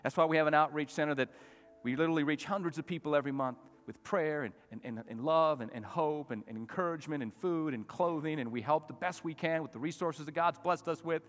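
A male pastor preaching a sermon, swinging from loud, emphatic peaks down to soft, quiet asides. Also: a little high, quick pace, soft background music. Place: church sanctuary. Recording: long reverb of a church hall.

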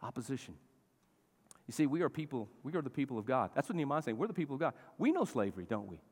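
Animated middle-aged male pastor, reverberant. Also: mid-range voice, quick pace, breathy edge. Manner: animated, exhorting preaching with call-and-response. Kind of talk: sermon. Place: church. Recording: long reverb of a church hall.

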